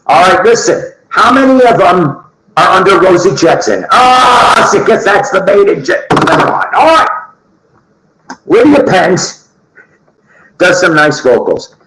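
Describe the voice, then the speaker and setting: Jokey male vinyl vlogger, somewhat high and lively; echoey room. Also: slow. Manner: jokey, rambling, talks straight to viewers. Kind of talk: casual chat to camera.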